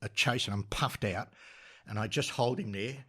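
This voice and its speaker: Older Australian man, lively storyteller. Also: fairly low pitch, normal speed, breathy edge. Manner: lively, laughing storyteller with many restarts. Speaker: podcast guest. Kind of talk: animated storytelling.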